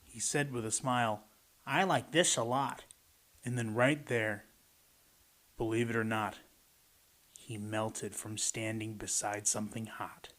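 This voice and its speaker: His voice sits low yet sounds fairly bright, with a level tone and an unhurried delivery. He reads a rhyming picture book aloud and tosses in playful asides between pages.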